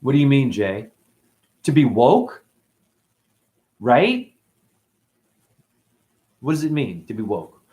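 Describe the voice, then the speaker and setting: Brief: male spiritual teacher, mid-pitched, rambling and profane, jumps from loud to muttered. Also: sing-song, takes it slowly, pauses often. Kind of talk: rambling casual monologue.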